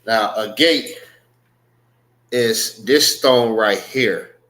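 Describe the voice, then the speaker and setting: A man teaching a class, unhurried and repeating words to drill pronunciation. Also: fairly low pitch, a bit bright. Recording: echoey room.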